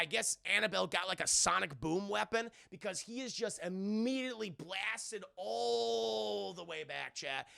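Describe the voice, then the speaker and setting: A man recapping a film to a live chat in a rambling, profane, animated way, with a gravelly voice. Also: high-pitched, no echo, clean studio sound. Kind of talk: casual spoken film recap.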